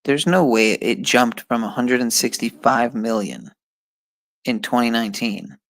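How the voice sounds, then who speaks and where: Gravelly-voiced man muttering swears. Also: medium pitch, expressive, a little slow, fairly bright tone, no room sound, low-quality recording. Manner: frustrated, swearing, muttering to himself; talks to his viewers. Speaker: streamer. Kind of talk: casual live-stream talk while taking an online test.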